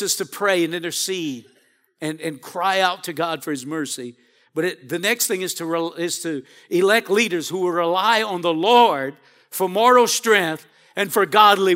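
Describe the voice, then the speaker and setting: A man with a high, bright voice preaches to his congregation. He calls for responses from the pews and swings between quiet, low passages and loud, rising appeals. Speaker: pastor. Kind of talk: sermon.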